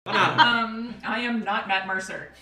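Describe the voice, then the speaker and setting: A woman's voice: mid-range voice, fairly even intonation, slow, very noisy. A woman player joking and teasing playfully in casual chat at a tabletop game. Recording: roomy, distant mic, loud music behind.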